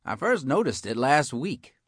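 A man's voice: mid-range voice, very animated, unhurried, husky, no room sound, studio quality, pitched above the performer's own voice. A man voicing a tough, motherly female iguana who runs a school cafeteria, talking in a weary, bossy way.

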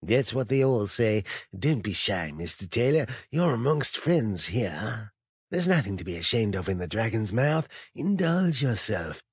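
A man doing a breathy, sinister drug-den host. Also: fairly low pitch, sing-song, no room sound, clean studio sound, voice pushed up, heavily acted. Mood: wheedling. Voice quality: breathy, falsely hearty. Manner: silky, wheedling, slow and coaxing. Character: sinister smiling male drug-den host, ageless, fawning. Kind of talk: audiobook character voice.

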